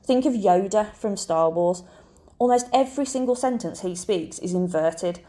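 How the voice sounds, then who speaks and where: A woman teacher narrating a scripted lesson in a clear, measured, explanatory way. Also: medium pitch, warm tone.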